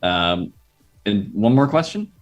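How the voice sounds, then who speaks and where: Male player, lower voice, halting, methodical. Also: big pitch swings, highs cut off, faint music behind. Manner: hesitant, halting with uhs. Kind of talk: casual tabletop play.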